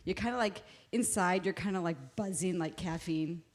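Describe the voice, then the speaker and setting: A woman sharing a personal story in a conversational sermon, candid and animated, with frequent restarts. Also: fairly low pitch, moderate pace. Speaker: pastor's wife sharing in a sermon.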